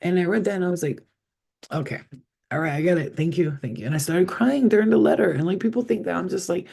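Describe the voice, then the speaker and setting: A man's voice: high voice, animated, a little fast, creaky, mellow, slightly rough. A man, a psychic reader, chatting casually with his viewers on a live stream, rambling and swearing freely.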